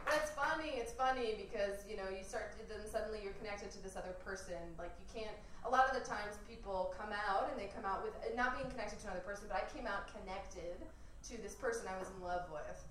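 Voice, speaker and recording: A woman's voice: mid-range voice, fast talker, a bit bright, slight background noise. A young woman telling a personal story to an audience, candid and laughing often, mimicking her family in quotes. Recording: echoey room from far off, faint ambience.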